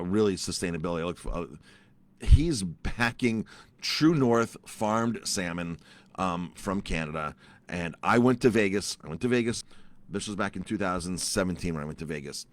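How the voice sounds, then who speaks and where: A man's voice: deep voice, a little fast, no room sound. A middle-aged man, a chef, telling a story in a casual vlog, ranting with animation and repeating his words often. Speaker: chef and restaurant owner.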